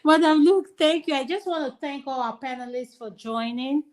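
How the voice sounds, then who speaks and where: A woman hosting a live panel, briskly calling on each panelist by name. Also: high-pitched. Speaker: host.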